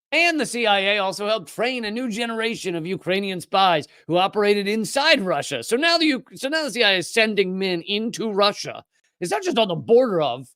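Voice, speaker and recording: With a sharp tone, a man mocks his way through the news on his political commentary show, adding sarcastic asides and mimicking opponents in whiny high voices. The recording is dry and studio quality.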